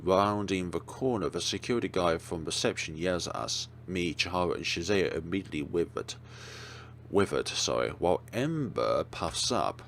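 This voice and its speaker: A man's voice: sits low, lively intonation, moderate pace, few pauses, fairly bright tone, a little hiss or hum. A man hosting a let's play, reading a horror visual novel aloud with dramatic storytelling and wry asides.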